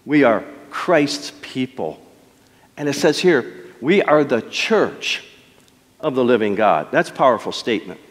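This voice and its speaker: A middle-aged man preaching a sermon as pastor, telling stories with dramatic pauses and emphatic swells. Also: mid-range voice, sing-song. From Detroit. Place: church sanctuary. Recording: long church hall reverb.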